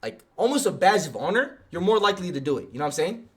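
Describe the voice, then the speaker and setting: A man's voice: high voice, fast. A young man livestreaming, giving casual slang-heavy advice to his chat and telling stories. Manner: slangy, animated, storytelling with asides.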